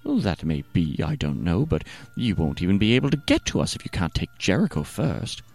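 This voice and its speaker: A calculating stranger lays out his bargain in a dry, matter-of-fact tone, as a man plays him. His voice sits fairly low, but its pitch rises and falls a lot. Faint music runs underneath this spoken story. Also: wildly swooping pitch, fairly quick, vocal fry, a little mellow, heavily acted. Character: scheming male stranger, smooth and calculating.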